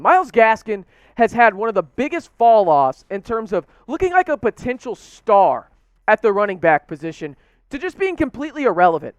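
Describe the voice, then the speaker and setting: A young man ranting about his football team in a high, very lively voice that swoops up when he gets worked up. His tone is smooth and clear, recorded close and dry with no room sound. He fires off rhetorical questions in open frustration. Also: no echo. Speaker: sports show host. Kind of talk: animated sports commentary rant.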